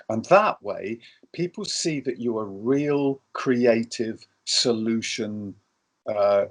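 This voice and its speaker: Middle-aged man, film industry guest, advice with acted-out quotes. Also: medium pitch. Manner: storytelling, acts out quoted lines. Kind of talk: advice talk.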